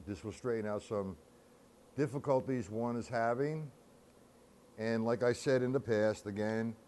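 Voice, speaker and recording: A man's voice: medium pitch, a little mellow, a little hiss or hum. A man teaching a drum-reading lesson, patient and methodical, counting beats aloud step by step. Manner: casual with fillers, clears throat. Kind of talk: music lesson.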